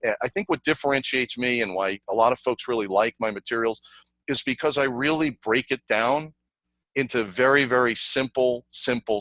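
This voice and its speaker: Man, middle-aged, sales trainer, video call webinar, energetic, dry sound. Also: mid-range voice, no echo, poor audio. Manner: energetic, repetitive, conversational teaching with anecdotes. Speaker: sales trainer presenting to a networking group. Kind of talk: online webinar presentation.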